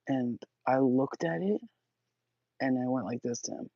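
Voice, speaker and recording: A woman in her forties tells stories to her phone camera in a husky, slightly rough voice. She is blunt and crude and breaks into laughter often. The sound is dry and dull, like lo-fi phone audio. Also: very deep voice, moderate pace, warm tone, no echo. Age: 40s. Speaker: channel host. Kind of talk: candid storytelling to camera.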